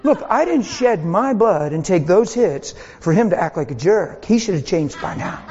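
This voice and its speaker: A man's voice: high-pitched, very animated, normal speed, darkish tone, breathy edge, big-room sound, voice pushed down, exaggerated voice. A man voicing an imagined Jesus who grumbles, half-joking, about a rude boss. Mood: grumbling. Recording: dull lo-fi recording.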